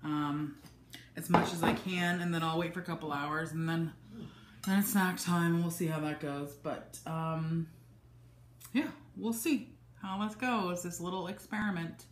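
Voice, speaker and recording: A woman's voice: fairly low pitch, steady tone, a little slow, a little hiss or hum. A woman chatting casually in a food vlog from her home office, talking in a loose, chatty way with many ums and restarts. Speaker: vlogger. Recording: echoey room.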